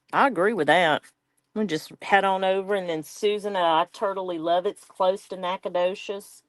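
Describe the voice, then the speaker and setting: A woman's voice: medium pitch, no room sound. A woman with a Southern US accent hosting a live crafting stream, chatting casually and folksily with viewers as she works and reads their comments.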